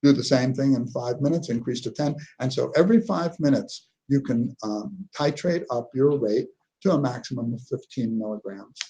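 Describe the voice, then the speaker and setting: A man's voice: medium pitch, moderate pace, dark tone, highs cut off. A man giving a neurology lecture, telling clinical stories in a conversational way and often checking in with "okay?". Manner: conversational, anecdotal, frequent "okay?" check-ins. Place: lecture hall.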